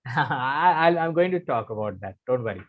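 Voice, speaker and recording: A man's voice: mid-range voice, expressive, normal speed, highs cut off. A man with an Indian English accent teaching a live online English lesson. He is emphatic, repeats key phrases and quizzes his students. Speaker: English communication coach.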